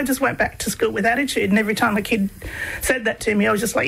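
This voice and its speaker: Husky woman with vocal fry. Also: on the high side, quick pace, poor audio. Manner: relaxed storytelling with many fillers and laughs. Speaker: guest, comedy researcher. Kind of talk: conversational interview.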